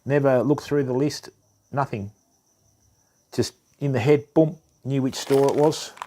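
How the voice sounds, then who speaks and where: A man's voice: medium pitch, fairly even intonation, measured pace, warm tone. Joking middle-aged man. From Australia. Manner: chatty, joking asides to friends. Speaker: fishing channel host. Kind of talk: casual chat while packing gear.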